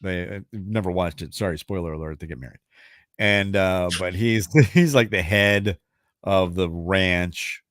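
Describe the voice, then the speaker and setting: A man's voice: low-pitched, unhurried, fairly bright tone, dry recording, studio quality. A man hosting a radio show, chatting casually and rambling, then reading out a trivia question. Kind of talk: casual chat and trivia quiz.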